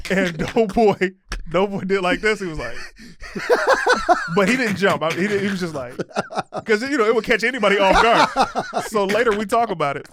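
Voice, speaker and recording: Podcast guy, kinda high voice, gets loud and laughs a lot telling stories. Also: brisk, slight background noise. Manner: animated storyteller, loud laughing outbursts. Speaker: podcast co-host. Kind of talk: casual podcast chat, storytelling.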